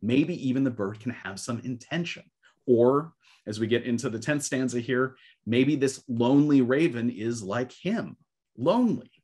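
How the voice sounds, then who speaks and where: A man's voice: medium pitch, moderate pace, a little mellow, slightly rough. A man teaching literature in an online webinar, reading verse aloud with rhythmic swells, then explaining it with many fillers. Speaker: literature professor. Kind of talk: webinar lecture with recitation. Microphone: webcam or desk mic on a video call.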